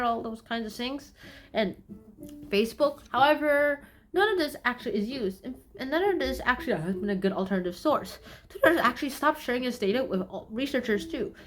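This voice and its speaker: Rambling high-voiced young woman. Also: fairly bright tone, a little hiss or hum. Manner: loose, rambling, with many restarts and playful asides. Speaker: channel host summarizing a science magazine. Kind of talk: casual rambling summary.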